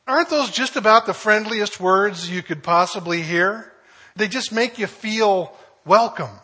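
Husky-voiced pastor preaching in a folksy way. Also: male voice, sits high, unhurried, pushed and bright. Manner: folksy storytelling, chuckles as he goes. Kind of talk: conversational sermon.

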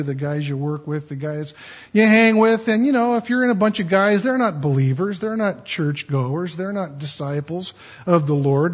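A man with a husky, slightly high voice preaches a folksy, conversational sermon. He stumbles and restarts often. The church recording sounds dull and muffled. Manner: folksy, stammering restarts, acts out quoted pleas. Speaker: pastor.

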